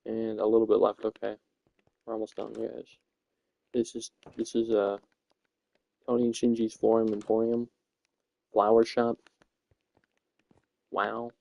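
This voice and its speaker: A man's voice: on the low side, completely flat delivery, unhurried, vocal fry, long pauses, mellow, no room sound. A young man giving a rambling, playful tour of a Minecraft build, often correcting himself as he goes. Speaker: Minecraft server tour guide. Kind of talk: casual gameplay commentary. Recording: dull, dry home recording.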